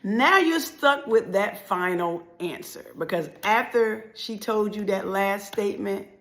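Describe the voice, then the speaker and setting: Gravelly woman telling a dramatic story. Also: mid-range voice, unhurried. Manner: dramatic, swings from loud to hushed, repeats a refrain. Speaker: motivational speaker. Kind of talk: emotional storytelling talk.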